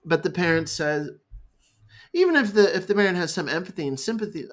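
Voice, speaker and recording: A male therapist speaking in a reflective, halting monologue, improvising as he goes. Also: sits high, lively intonation. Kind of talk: unscripted talking-head monologue.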